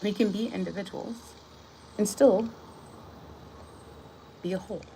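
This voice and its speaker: This vlogger is a woman with a medium-pitched, creaky voice and fairly even intonation, speaking unhurriedly over slight background noise in a rough recording. She casually muses on her views before reading a brief devotional, wandering off and starting over with soft laughs.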